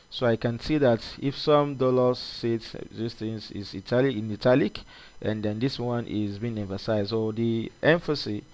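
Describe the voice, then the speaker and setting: A man's voice: mid-range voice, a little mellow. A man teaching a coding lesson at his computer, talking loosely with many fillers and restarts. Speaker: coding instructor. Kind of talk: screen-recorded coding tutorial.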